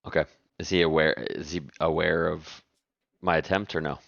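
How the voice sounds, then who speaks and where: Man, extremely deep voice, tabletop player, halting, dull dry home mic. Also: level tone, vocal fry, a bit bright, dry recording. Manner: halting, restarts, thinks aloud. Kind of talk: playing a tabletop game.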